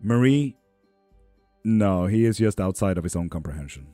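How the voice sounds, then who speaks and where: A man's voice: sits low, animated, normal speed, dark tone, no echo, faint music behind. A man in his thirties giving tarot readings on a live stream, chatting casually with viewers and joking as he reads their comments aloud. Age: 30s. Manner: laid-back, joking, chats with viewers. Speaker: livestream tarot reader.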